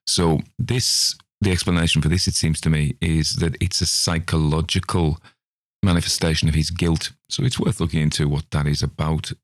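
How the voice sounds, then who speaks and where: A man's voice: rumbling low, steady tone, normal speed, dry recording, clean studio sound. An Australian man hosting a podcast, chatting loosely about a ghost story with rambling, self-mocking asides. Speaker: podcast host. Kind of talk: casual spoken commentary on a ghost story.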